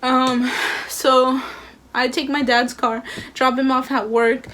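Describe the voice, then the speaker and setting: A woman's voice: sits high, slow pace, slight background noise. Chatty young woman telling a story. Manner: chatty, animated retelling with many fillers. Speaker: vlogger. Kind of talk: casual storytime.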